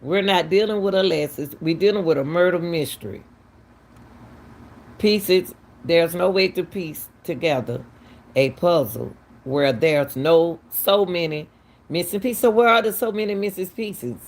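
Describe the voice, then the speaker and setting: A woman's voice: on the low side, unhurried, a little mellow. A woman, hosting casual true-crime commentary, talking emphatically and firing off repeated, incredulous questions. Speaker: commentary channel host.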